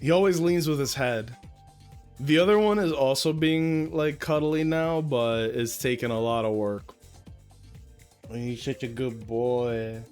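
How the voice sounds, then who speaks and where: A man's voice: a little high, unhurried, darkish tone, smooth, faint music behind. Young man cooing at his cat. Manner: coos baby talk at his cat, swears casually. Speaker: streamer. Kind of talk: casual chat to viewers. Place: at home indoors. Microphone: desk mic, handled up close.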